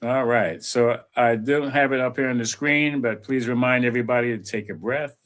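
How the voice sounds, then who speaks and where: A man giving an unhurried, conversational spiritual talk and leading affirmations, with many "you know"s. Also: medium pitch, fairly even intonation, a bit bright. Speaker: spiritual teacher.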